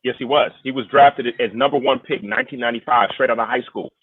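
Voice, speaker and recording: A man in his thirties co-hosting a podcast, chatting casually about sports with animated, exclamatory reactions. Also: mid-range voice, fast talker, vocal fry, breathy edge, no room sound. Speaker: podcast co-host. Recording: tinny phone-like line.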